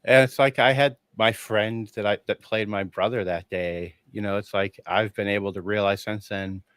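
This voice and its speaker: Low-voiced man, lively storytelling guest. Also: moderate pace, clear, resonant tone, no echo. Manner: animated storyteller who acts out quoted dialogue, laughing often. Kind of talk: casual conversation.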